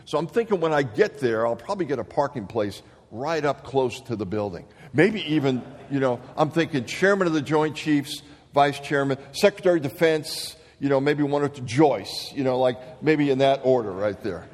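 A man in his late fifties giving a sermon as an animated storyteller, acting out the people he quotes. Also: mid-range voice, normal speed, hardly any pauses. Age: 50s. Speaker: speaker. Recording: long reverb of a hall.

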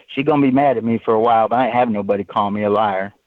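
Guy doing his gruff proud neighbor, low drawly grumble, dry tinny sound. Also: rapid-fire, dry recording, close to an everyday voice. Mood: stubborn. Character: gruff hungover male neighbor, stubborn and proud. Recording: tinny phone-like line.

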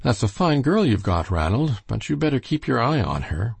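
A man's voice: lowish voice, sing-song, moderate pace, creaky, darkish tone, breathy edge, no echo, voice pushed up, heavily acted. A man voicing a boastful young man who chaffs his rival in a storybook reading. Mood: taunting.

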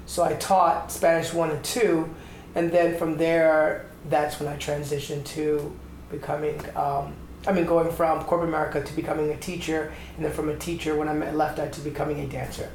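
A middle-aged man from Atlanta, Georgia, a choreographer and dancer telling his story in an interview, animated, acting out the voices he quotes. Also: a little high, moderate pace. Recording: echoey room with faint background noise.

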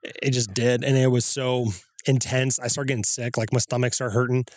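A man's voice: moderate pace, dry recording, clean studio sound. A man casually telling a first-hand story as a guest, recorded outdoors in the woods, acting out his own quoted reactions. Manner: animated, acts out his own quoted reactions with rising pitch.

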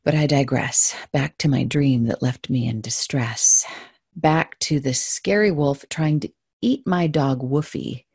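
Woman storyteller, low husky voice, slow and playful delivery in rhyme. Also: no room sound, studio quality. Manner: gentle, playful, musing. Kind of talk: reading a rhyming story aloud.

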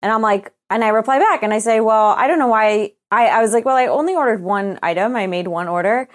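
A woman's voice: fairly high pitch, quick pace. A young woman co-hosting a podcast, telling a story as a casual rant, swearing freely and acting out both sides of her email exchanges. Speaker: podcast co-host.

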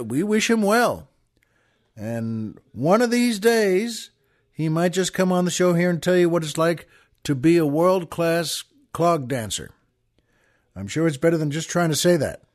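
A man hosting a show, rambling with many restarts as he tells a long joke. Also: sits high. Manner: rambling, with frequent restarts and stammers. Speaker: podcast host. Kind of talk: casual chat and joke telling.

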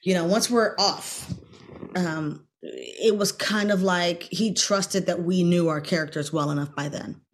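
A middle-aged woman, a guest actress in a podcast interview, telling a story in a lively way and bursting into loud acted-out quotes. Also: lowish voice, measured pace.

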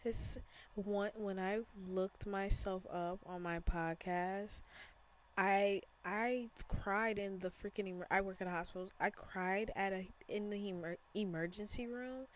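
A woman's voice: mid-range voice, fairly even intonation, a little slow. A young woman from Chicago hosting a casual solo podcast from her bedroom, chatty and rambling, with slang and easy laughter. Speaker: podcast host.

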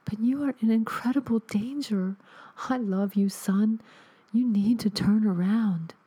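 A woman voicing the ghost of a dead mother calling through radio static in a soft, delicate whisper. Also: medium pitch, measured pace, slightly rough, pitched above the performer's own voice. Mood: urgent.

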